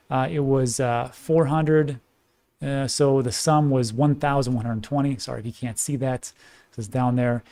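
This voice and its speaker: A man's voice: a little high, darkish tone, no room sound. A man giving casual, enthusiastic cryptocurrency commentary and talking straight to his viewers. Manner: chatty, enthusiastic, talks to viewers directly. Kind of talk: casual market commentary to camera.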